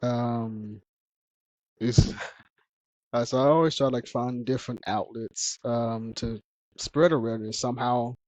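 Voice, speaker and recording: A man's voice: mid-range voice, steady tone, a little slow, long pauses, a little mellow, no room sound. A man hosting a casual podcast chat who laughs often while telling stories. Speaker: podcast host.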